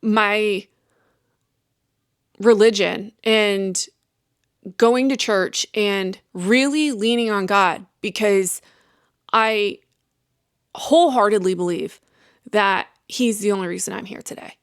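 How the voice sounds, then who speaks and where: A woman's voice: mid-range voice, takes it slowly, pauses often, clear, resonant tone, dry recording, studio quality. A young adult woman hosting a podcast, talking candidly and earnestly, rambling with restarts and acted-out self-talk. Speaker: podcast host.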